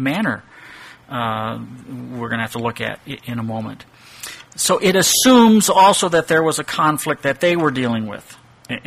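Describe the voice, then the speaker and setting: Bright-voiced man teaching Scripture. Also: fairly high pitch. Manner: thinking aloud with restarts and rhetorical questions. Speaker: Bible teacher. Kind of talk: expository Bible teaching.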